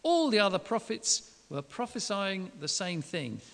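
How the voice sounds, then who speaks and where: A man preaching a sermon, retelling a Bible story in a lively, colloquial way and acting out the quotes. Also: sits high, measured pace, vocal fry. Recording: long hall reverb.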